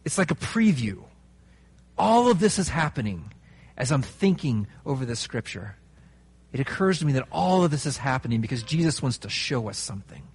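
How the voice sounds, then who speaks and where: Husky-voiced man preaching casually. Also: mid-range voice, moderate pace. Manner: conversational and animated, with fillers and asides. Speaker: pastor. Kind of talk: sermon.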